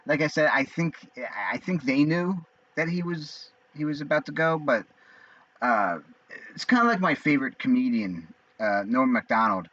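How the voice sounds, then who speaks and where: A man in his forties talking casually on his own, rambling and halting with many fillers and restarts. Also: medium pitch, fairly bright tone. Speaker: vlogger. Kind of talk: casual monologue. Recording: dull lo-fi sound.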